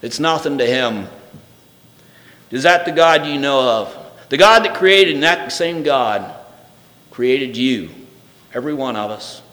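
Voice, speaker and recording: A man preaching a sermon. He reads scripture aloud, then shifts between loud, emphatic proclamation and soft, intimate speech. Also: mid-range voice. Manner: reads scripture aloud in old-fashioned wording. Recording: reverberant hall.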